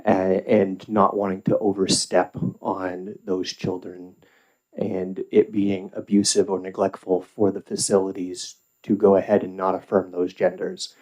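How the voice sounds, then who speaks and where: Very deep, flat-voiced man testifying. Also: low-quality recording. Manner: formal, measured, with occasional fillers. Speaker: public witness at a legislative hearing. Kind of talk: formal testimony.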